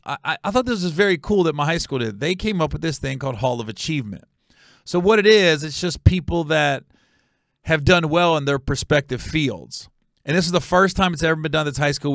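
Animated, emphatic man telling a story. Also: on the high side, dry recording, clean studio sound. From Ohio, USA. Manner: animated and emphatic, with quick asides and self-corrections. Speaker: podcast host and comedian. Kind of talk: comedic storytelling podcast.

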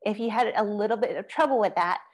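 A woman's voice: mid-range voice, fast talker. A woman teaching an online music lesson, giving patient step-by-step instructions and chanting rhythm syllables and counts. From Asia.

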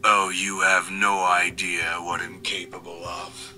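A man's voice: sits low, little pitch movement, measured pace, pushed and bright, full character voice. A synthetic male text-to-speech voice playing an arrogant, menacing superhero who makes cold threats. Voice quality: synthetic AI chatbot voice. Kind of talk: text-to-speech character chatbot.

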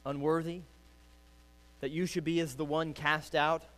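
A man preaching a sermon as pastor, urging loudly and then dropping to quiet pleading. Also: fairly high pitch, little pitch movement, a little slow. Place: church sanctuary.

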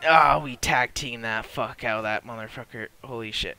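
Sharp-voiced swearing gamer man. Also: medium pitch, normal speed, hardly any pauses, slight background noise. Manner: constant swearing, frustrated outbursts at enemies; self-aware, admits he is new to the game. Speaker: gamer playing a multiplayer beta. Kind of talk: live gameplay commentary.

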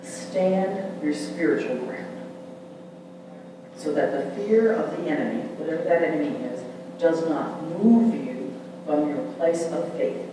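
A man preaching a lively sermon as pastor, often asking the congregation whether they hear him. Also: fairly high pitch, a little slow, noisy background. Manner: animated, call-and-response preaching. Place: large church sanctuary. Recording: echoey hall from far off.

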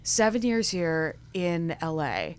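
A woman's voice: on the low side, big pitch swings, slow pace, clear, resonant tone. A woman in her twenties, a singer guest on a talk show, chatting in a bubbly, self-deprecating way. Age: 20s. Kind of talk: casual chat.

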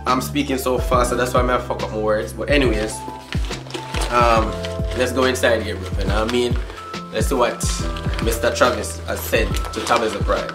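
A man's voice: medium pitch, steady tone, moderate pace, over loud music. A young man vlogging an unboxing in hyped, slangy chatter full of catchphrases and swearing. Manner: swears freely. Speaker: YouTube vlogger. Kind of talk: casual vlog unboxing.

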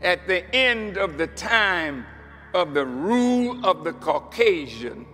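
Male minister, high register, measured dramatic preaching, faint music under. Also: lively intonation, big-room sound. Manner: dramatic preaching, swinging from hushed to shouting. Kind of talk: sermon.

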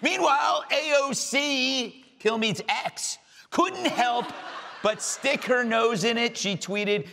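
Sarcastic talk show host, bright and lively. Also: male voice, extremely high pitch, takes it slowly, creaky, long reverb tail, a little hiss or hum. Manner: sarcastic, deadpan jokes. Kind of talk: comic monologue and panel banter. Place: television studio.

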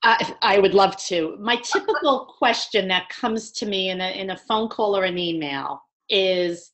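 A woman's voice: medium pitch, measured pace, few pauses, a bit bright. A woman with a New York accent, a communication trainer speaking emphatically in a webinar conversation.

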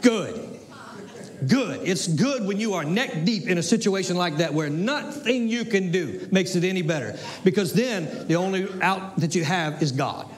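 A pastor, preaching with emphatic repetition and folksy asides, sometimes dropping to a soft, near-whispered delivery. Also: male voice, sits high, expressive, moderate pace. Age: 60s. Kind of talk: sermon.

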